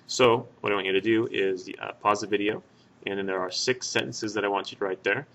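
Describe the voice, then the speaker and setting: A man's voice: lowish voice, steady tone, fairly quick, a bit bright, a little hiss or hum. A man teaching a Spanish grammar lesson over a screen recording, explaining patiently with fillers and self-corrections.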